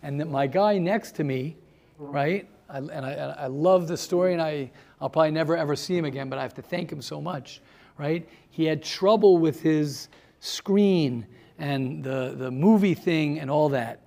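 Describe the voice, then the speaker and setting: A man's voice: a little high, normal speed, gravelly. A man, a rabbi, giving a motivational talk to a small group, telling stories and calling on listeners by name. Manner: animated storyteller who addresses listeners by name; repeats words for emphasis. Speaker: rabbi leading a seminar.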